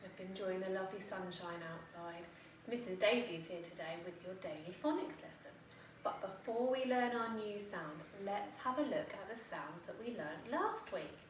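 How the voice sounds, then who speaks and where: An English woman, an infant school teacher, giving a phonics lesson to young children in a slow, sing-song, encouraging way and sounding words out. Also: medium pitch. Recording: echoey room, voice from a distance, faint background noise.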